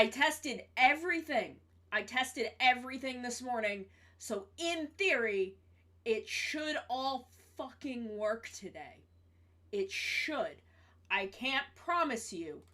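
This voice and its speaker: A woman streams live and chats to her viewers at her desk mic. Her voice sits a little high, and her talk is loose, profane and full of repeated greetings. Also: pushed and bright. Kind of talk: casual live-stream chat.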